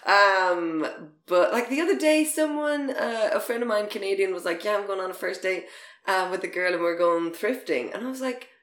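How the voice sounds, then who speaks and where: A woman's voice: mid-range voice, moderate pace, fairly bright tone, echoey room. A young Irish woman from Ireland chatting casually, laughing often and swearing freely. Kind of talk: casual chat.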